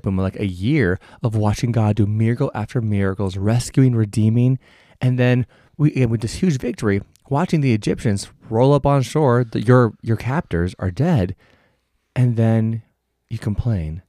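A man's voice: medium pitch, moderate pace, mellow, no echo, studio quality. A man co-hosting a casual faith discussion. He reflects on the story and gives short affirmations often.

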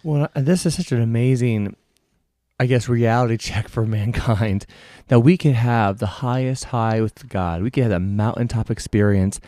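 A man joins a relaxed faith conversation with a mellow, darker tone. He gives frequent short affirmations and reflects on the lesson. The sound is dry and close. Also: mid-range voice, normal speed, dry recording. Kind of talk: casual faith discussion.

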